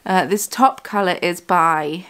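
A woman's voice: on the low side, a little slow, a bit bright, smooth. Chatty woman in a casual vlog. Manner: chatty and rambling, with self-corrections. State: has the hiccups. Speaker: yarn dyer and vlogger. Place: home dye studio.

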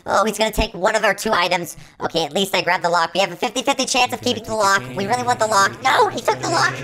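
A woman narrating her own gameplay live, and panic sends her words tumbling out in quick repeats. She plays a playful robot persona, with a voice that sits mid-range for a woman. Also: medium pitch, crowd noise, low-quality recording. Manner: frantic, repeats words rapidly when panicking; playful robot persona, calls herself an artificial intelligence. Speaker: gaming video host.

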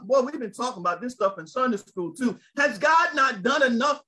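A man preaching a sermon, lively and conversational, calling out to his listeners. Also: very high voice, a little fast, hardly any pauses, rough recording. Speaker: pastor.

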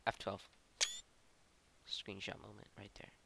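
A gameplay commentator, giggly and excitable, breaking into high yelps. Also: measured pace, vocal fry, slightly rough, no room sound.

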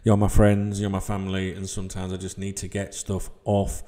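A man's voice: low-pitched, completely flat delivery, fairly quick, dark tone. A man, a football channel host ranting to camera in a small room with white walls. He talks in a heated, sweary, rambling way and keeps asking "you know what I mean". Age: 40s.

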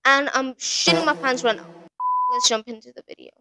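A woman's voice: high-pitched, a little fast, gravelly, noisy background. A woman hosting a horror game playthrough, rambling, jumpy and swearing a lot. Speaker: gaming channel host.

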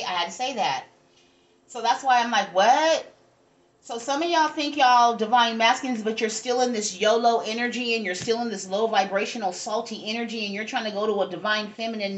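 A woman's voice: mid-range voice, a bit bright, lo-fi sound. A woman giving a casual tarot reading, blunt, profane and rambling as she talks straight to her viewers. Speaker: tarot reader.

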